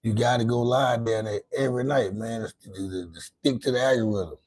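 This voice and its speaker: A man's voice: mid-range voice, moderate pace, darkish tone, poor audio. A man hosting a casual late-night livestream, talking in a loose, rambling and profane way, often repeating and restarting his words. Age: adult with grown children. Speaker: livestream host.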